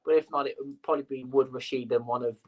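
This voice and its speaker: A man's voice: medium pitch, fairly even intonation, fast, dull audio. Musing man hosting a podcast. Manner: musing, thinks aloud with fillers. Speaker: podcast host. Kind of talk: casual sports chat.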